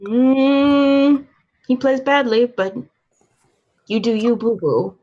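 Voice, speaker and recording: A woman's voice: high voice, steady tone, slow pace, voice pushed up. A woman voicing a beefy, menacing male werewolf thug in a clumsy put-on heavy Russian accent, on a dull lo-fi recording. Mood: mocking.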